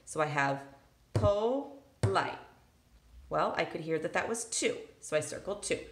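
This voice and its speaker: In an echoey room, a woman teacher records a lesson walkthrough on a handheld device held in one hand, speaking briskly in a low voice. She reasons through a worksheet step by step aloud and taps syllables out on the table.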